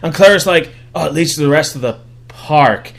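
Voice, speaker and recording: A young man hosting a podcast gives a sarcastic, profane comedic recap of a film, slipping into mock voices for the characters. His voice is a little high, creaky and a bit bright, at a normal speed.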